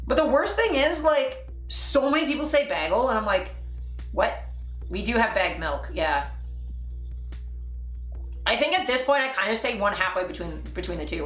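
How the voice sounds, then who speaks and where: A woman from Canada chats loosely on a live stream, laughing often and trailing into fillers. Her voice sits at an ordinary pitch, and it bounces around a roomy space. Faint music plays underneath. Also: fairly bright tone. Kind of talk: casual chat.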